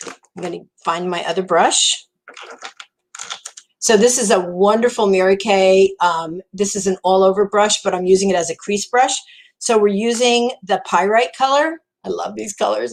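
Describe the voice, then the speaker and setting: A woman's voice: mid-range voice, low-quality recording. Chatty woman with a New Jersey accent. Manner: chatty and encouraging, repeats words for emphasis. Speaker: makeup demonstrator. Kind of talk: live makeup tutorial.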